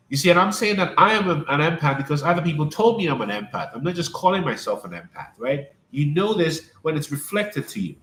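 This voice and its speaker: Emphatic high-voiced man in an echoey room. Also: big pitch swings, fast talker, hardly any pauses, fairly bright tone. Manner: repetitive, emphatic, preacher-like, addresses viewers by name. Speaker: life coach hosting a live stream. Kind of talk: live-streamed spiritual talk.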